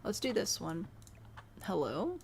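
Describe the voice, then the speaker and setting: Chatty woman streamer with gravelly edge. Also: medium pitch, huge pitch swings, takes it slowly, slight background noise. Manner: chatty, self-amused, talks to chat while building. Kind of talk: live game stream chat. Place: home room.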